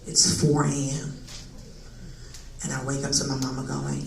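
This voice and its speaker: A brash, profane woman doing stand-up comedy, her pitch swinging wildly as she throws herself into loud outbursts. She is caught from a distance in a roomy live club. Background noise comes through clearly, along with the audience's laughter. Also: big pitch swings, moderate pace, long pauses.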